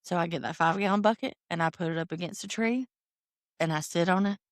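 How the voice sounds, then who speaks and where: A woman co-hosting a podcast, telling a story in a casual, animated way and laughing often. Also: on the low side, fast, dry recording, studio quality. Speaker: podcast co-host.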